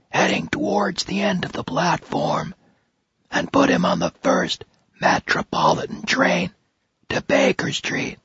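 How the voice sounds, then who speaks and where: A narrator voicing a menacing male kidnapper with a distorted, whispery mechanical voice, talking slowly and coldly over a speakerphone. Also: extremely high pitch, pushed and bright, dry recording, highs cut off, voice pushed up, heavily acted. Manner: slow, cold, threatening.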